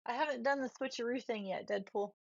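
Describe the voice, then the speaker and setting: A woman live-streaming from her home office, chatting casually and talking to her pets in a soft, chatty way. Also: fairly high pitch, quick pace, vocal fry, no room sound, muffled recording. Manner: chatty, soft-spoken, talks to her pets, laughs often.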